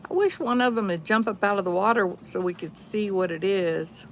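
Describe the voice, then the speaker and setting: A woman chatting casually to viewers in an unhurried way while filming a morning vlog outdoors by the water. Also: medium pitch, lively intonation, a little hiss or hum. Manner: chatty, unhurried, talks to viewers and to her dog. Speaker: vlogger.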